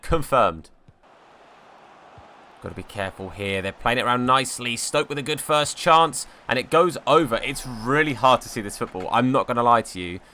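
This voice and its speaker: A young man gives casual commentary while he plays a football video game. His voice sits at an ordinary pitch but has a bright, forward edge. He chats with his viewers and jokes around with mock outrage. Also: expressive, moderate pace, slight background noise. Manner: chatty, playful, mock-outraged banter. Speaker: gaming YouTuber.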